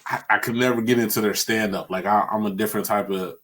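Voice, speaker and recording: A young man hosting a casual podcast, telling animated stories, laughing often and acting out what people said. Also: fairly low pitch, fast talker. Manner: animated storytelling, laughs often, acts out quotes. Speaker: podcast host. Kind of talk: casual chat.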